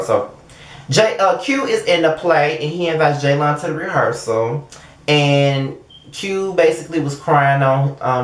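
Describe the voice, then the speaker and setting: A young man giving a blunt, profane, animated casual commentary as a show reviewer. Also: medium pitch, roomy sound.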